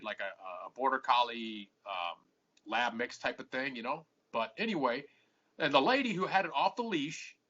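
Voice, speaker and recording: Sharp, husky man swearing through a story. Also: mid-range voice. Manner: swears constantly, acts out both sides of arguments. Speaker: podcast host. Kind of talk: rambling profane storytelling. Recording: muffled lo-fi podcast audio.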